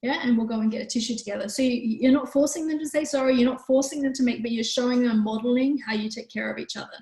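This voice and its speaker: A woman hosting a live online parenting workshop who answers questions in a gentle, calm, explanatory way. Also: a little high, fast talker, reverberant, poor audio. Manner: gentle, calm, explanatory, with frequent "you know".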